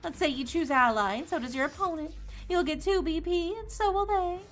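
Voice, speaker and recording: Girl doing a high, singsong drawly rabbit host, teasing everybody, faint game music behind. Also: a little fast, a bit bright. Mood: taunting. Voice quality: Southern drawl put on. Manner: taunting, singsong, playful. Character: mischievous male AI rabbit game master. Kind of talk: reading a visual novel aloud on stream.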